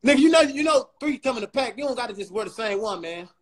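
A man with a strikingly high voice runs a profane comic roast on a livestream. He talks loudly and mockingly, firing one insult after another at the person he is arguing with. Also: lively intonation, rough recording. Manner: loud, mocking, rapid insults. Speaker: comedian host.

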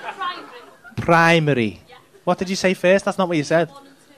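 A man's voice: sits high, flat delivery, quick pace, some chatter behind. A male stand-up comedian, teasing the audience in sweary banter on a comedy club stage. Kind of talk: crowd work at a comedy club. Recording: noisy live club recording. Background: audience laughter.

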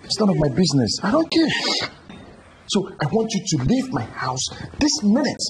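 An actor with a Nigerian accent playing an indignant married man who shouts an unwanted woman out of his house. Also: sits high, sing-song, moderate pace, noisy background. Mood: firm. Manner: shouting, agitated and exclamatory. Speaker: married man fending off an intruder. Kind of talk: film drama acting. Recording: film scene with music score underneath. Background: music.

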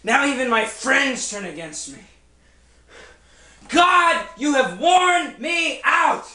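Job, an afflicted man crying out in anguish, played by a man in a stage play. The voice is slow and bright, heard from far off in an echoey room with faint noise. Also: extremely high pitch, expressive, heavily acted.

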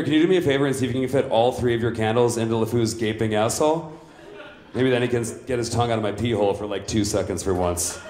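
A man's voice: on the low side, a little mellow, natural voice. A man playing a boastful, vain macho villain at a live stand-up roast, brash and crudely insulting everyone in turn. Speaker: roast comedian in character. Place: comedy club stage. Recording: roomy club sound.

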